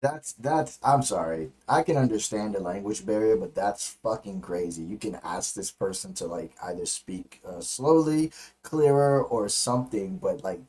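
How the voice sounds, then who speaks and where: Young man, livestream host, blunt, profane, very low voice. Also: normal speed, few pauses, a little mellow, poor audio. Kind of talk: casual live commentary.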